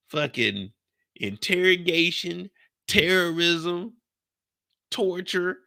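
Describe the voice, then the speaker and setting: A man hosting a live after-show, talking in a loose, profane, animated way. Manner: animated, profane, swings into high exclaiming bursts. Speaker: show recap host.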